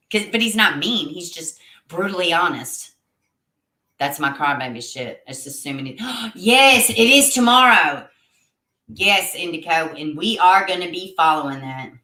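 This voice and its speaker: A woman's voice: deep voice, pushed and bright, roomy sound. A woman hosting a casual livestream, chatting with viewers, reading their comments aloud and laughing often. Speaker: livestream host reading chat.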